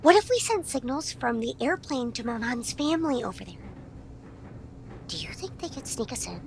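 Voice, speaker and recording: A woman's voice: on the high side, sing-song, normal speed, creaky, a little hiss or hum. A woman playing an eager young girl, a younger sister full of questions, in an audio play.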